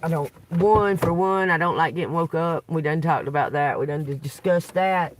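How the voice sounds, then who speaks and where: A tarot reader vents in an unscripted vlog, ranting profanely and with agitation in a low-pitched voice at a moderate pace. She's recorded a little away from the mic in a dry car, with a noisy background.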